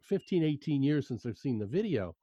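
A man in conversation, telling an animated personal anecdote about work attitude, often repeating key phrases. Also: mid-range voice, a little fast, no room sound. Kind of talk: conversational storytelling. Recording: dry, muffled lo-fi sound.

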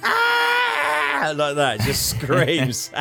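A man's voice: on the low side, lively intonation, moderate pace, over loud music. Man retelling a film, laughing often. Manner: storytelling with acted-out quotes and frequent laughs. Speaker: podcast co-host retelling a film. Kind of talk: casual chat.

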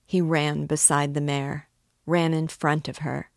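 A woman narrates a classic novel in a measured, even storytelling voice. Her pitch sits low and her pace is slow. The recording is dry and close. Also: gravelly, no echo. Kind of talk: audiobook narration.

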